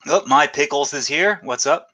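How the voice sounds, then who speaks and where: Casting: middle-aged male stream host, bright, forward voice, rambling and excitable, reacts aloud to the chat. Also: on the high side, moderate pace. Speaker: YouTube host doing a live unboxing. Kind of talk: casual live-stream chat.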